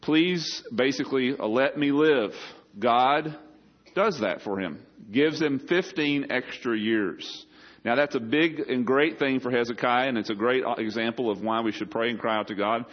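A man's voice: medium pitch, normal speed. Conversational preacher man, slightly muffled. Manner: conversational, joking asides to the congregation. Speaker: pastor. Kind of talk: sermon.

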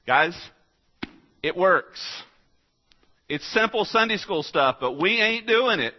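A man preaching a sermon, swinging from quiet, conversational asides to loud, emphatic exhortation in a folksy manner. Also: fairly high pitch, lively intonation, moderate pace, long pauses, muffled recording. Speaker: pastor.

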